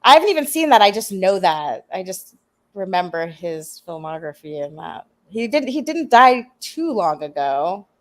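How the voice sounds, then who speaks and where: A woman's voice: mid-range voice, sing-song, normal speed. A woman speaking in a middle-range voice in a casual panel conversation. She chains trivia together in long run-on sentences. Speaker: panel guest. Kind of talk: casual chat.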